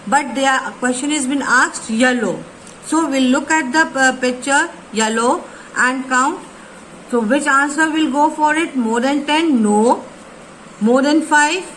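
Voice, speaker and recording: A woman teaching a lesson, reading textbook lines slowly and repeating her phrases as she explains. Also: sits high, a bit bright, slight background noise, rough recording. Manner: repeats phrases, slow deliberate reading with pauses. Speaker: English teacher. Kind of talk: slow classroom explanation, reading textbook aloud.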